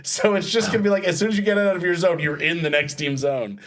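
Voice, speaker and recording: A man's voice: sits high, fast, a crowd in the background. A man hosting a comedy panel quiz, chatty and rambling, laughing through his lines. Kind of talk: casual comedic panel chat.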